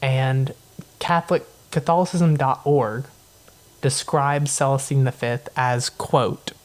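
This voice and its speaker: A man's voice: medium pitch, steady tone, slow. Man telling history in a casual, playful way. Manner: conversational, playful, acts out quotes. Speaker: podcast host. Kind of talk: casual comedic history storytelling.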